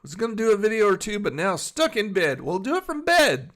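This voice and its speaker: Lying in bed at home, a middle-aged man hosts a laid-back live stream, reading chat out loud and replying to viewers by name in a chatty, rambling way. He speaks fairly quickly in a high, very animated voice with a somewhat bright quality.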